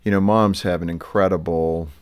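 A man's voice: low voice, steady tone, moderate pace, clean tone. A man hosting a radio interview, joking lightly and steering the conversation with affirming asides. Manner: jokey, affirming, steers the talk. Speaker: radio show host.

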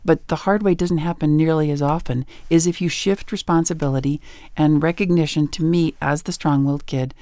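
A woman's voice: sits low, brisk, dry recording. A middle-aged woman, an author and educator, giving parenting advice in a radio interview and acting out bits of dialogue as she tells stories. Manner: animated storyteller who acts out dialogue.

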